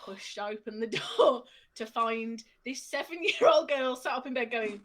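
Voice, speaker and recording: Woman, fairly high voice, casual storytelling, laughs through it. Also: measured pace. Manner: laughs through her story, lively retelling. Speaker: storyteller on a stream. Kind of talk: casual anecdote telling.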